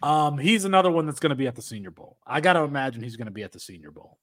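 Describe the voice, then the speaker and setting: A man's voice: medium pitch, lively intonation, very fast, fairly bright tone. A man hosting a sports podcast in casual chat, rambling with many restarts. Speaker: podcast host.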